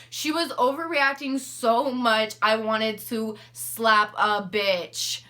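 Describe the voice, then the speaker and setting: A young woman vlogger telling a story in a casual, animated, profane and sarcastic way. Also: on the high side, takes it slowly, hardly any pauses.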